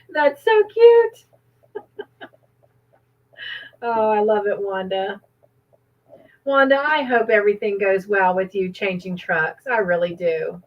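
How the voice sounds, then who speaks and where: Woman, livestream trivia host, cheerful, reads viewer comments, slow pace, slightly muffled audio. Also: mid-range voice.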